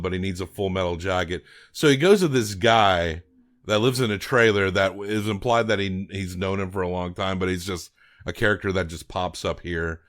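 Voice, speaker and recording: A man's voice: lowish voice, a bit bright. A man co-hosting a film podcast, recapping a movie in casual chat, rambling with frequent restarts and casual swearing.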